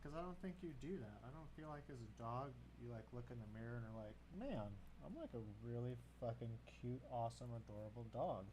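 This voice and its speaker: Dude rambling n swearing over a game at his desk, normal pitch, bit of hiss. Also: expressive, brisk, few pauses, a little mellow. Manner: rambling, profane, talks to himself and his dog. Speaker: gameplay video creator. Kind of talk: casual gameplay commentary. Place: home desk.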